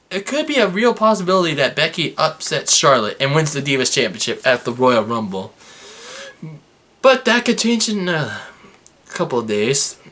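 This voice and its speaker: A young man recaps a wrestling episode in an unhurried, chatty way. His voice swings widely in pitch as he gets excited or sarcastic. He sounds like a fan ranting to his viewers. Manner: excitable, sarcastic, fluctuating energy. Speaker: wrestling review vlogger. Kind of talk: casual recap commentary.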